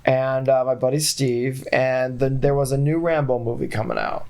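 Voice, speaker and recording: A man's voice: mid-range voice, fairly even intonation, moderate pace, a little mellow, clear, resonant tone. A man talking casually as a podcast guest, rambling through a story and laughing often. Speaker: guest, founder of a video company.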